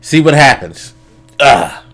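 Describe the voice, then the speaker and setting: A man's voice: medium pitch, sing-song, takes it slowly, fairly bright tone, soft background music. A man hosting a casual podcast, ranting in exasperation and swearing freely. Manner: exasperated, profane rant. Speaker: podcast host.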